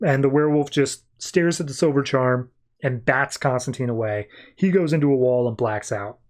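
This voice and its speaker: A man's voice: medium pitch, moderate pace. Man casually recapping comics. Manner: rambling, informal, many fillers. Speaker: podcast host.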